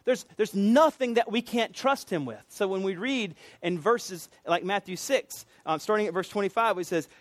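Man preaching, laid-back and jokey, fairly high voice, dry close sound. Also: moderate pace, few pauses, no room sound. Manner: casual, jokey conversational preaching. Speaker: pastor. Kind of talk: sermon.

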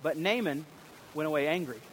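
A man preaching a sermon as pastor, animated and acting out the voices of people in the story. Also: fairly high pitch, brisk, slight background noise, low-quality recording. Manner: animated, acts out voices of biblical figures.

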